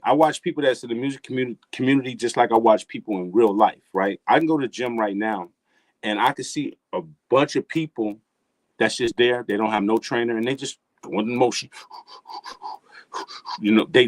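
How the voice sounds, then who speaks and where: A middle-aged man with a medium-pitched voice, recorded dry, talks casually as a guest. His motivational advice is emphatic and preachy, delivered in street slang with phrases repeated for effect.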